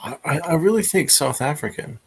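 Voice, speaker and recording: A man's voice: on the high side, lively intonation, a little fast, breathy edge. A man co-hosting a casual livestream, teasing his friend and easily amused. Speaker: co-host.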